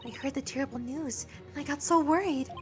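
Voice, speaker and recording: A woman plays a sweet young girl from a game, her voice soft and high. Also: fast talker, soft background music, natural voice. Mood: worried.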